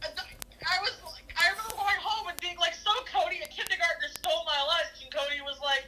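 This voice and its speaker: A young woman streamer chatting casually, telling a story in an animated way and acting out the quotes. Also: very high voice, brisk, slight background noise, rough recording. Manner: animated, laughing, acts out quotes.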